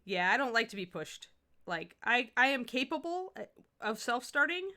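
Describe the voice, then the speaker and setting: Her voice sits on the high side with big pitch swings and a sharp tone, at a normal speed. This woman from the US Midwest chats to viewers while painting miniatures on a livestream, restarting sentences as she answers chat during the tutorial.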